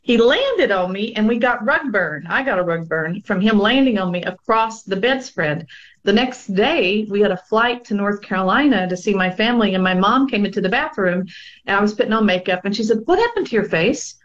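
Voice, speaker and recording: A woman's voice: medium pitch, lively intonation, brisk, lo-fi sound. A woman in her forties candidly recounts her own experience as an interview guest. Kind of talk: personal testimony.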